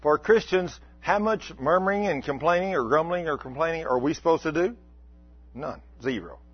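A man, preaching a folksy, animated sermon. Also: a little high, moderate pace, slightly rough, no room sound. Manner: folksy, animated, acts out mock complaints. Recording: dull lo-fi recording.

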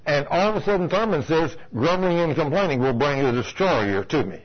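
A man's voice: a little high, lively intonation, a little fast, hardly any pauses, husky, muffled recording. A man preaching a sermon, telling a folksy story and asking the congregation rhetorical questions. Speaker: pastor. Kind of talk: sermon with anecdote.

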